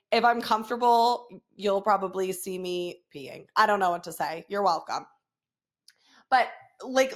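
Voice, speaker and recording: A woman's voice: mid-range voice, fairly bright tone. A woman in her thirties hosting a podcast, chatting frankly with frequent swearing and laughter. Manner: frank, profane, laughs often. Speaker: podcast host. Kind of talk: casual confessional chat.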